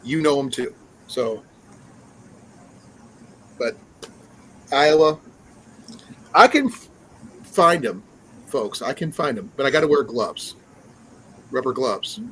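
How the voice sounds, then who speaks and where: A man's voice: mid-range voice, expressive, slow pace, long pauses, fairly bright tone, a little hiss or hum, poor audio. A man hosting a casual live stream, chatting in a rambling way with many fillers and restarts. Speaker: livestream host.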